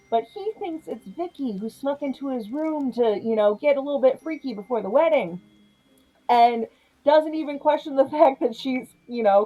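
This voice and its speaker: A young woman casually recapping a horror comedy, chatty and animated, laughing often. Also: on the high side, rough recording. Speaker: film reviewer.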